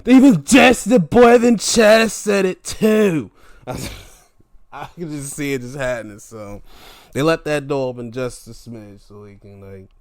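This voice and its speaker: A man hosting a casual solo show, reviewing wrestling events in animated, profane, exasperated rants. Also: medium pitch, unhurried, no room sound, clean studio sound.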